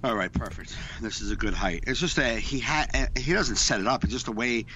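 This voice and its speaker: A man co-hosting a casual podcast, his voice bright and forward. He rambles, restarts and swears freely, speaking into a desk mic over an online call, at an everyday pitch for a man. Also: a little fast, a little hiss or hum. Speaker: podcast co-host. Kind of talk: casual chat. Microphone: desk microphone over a call.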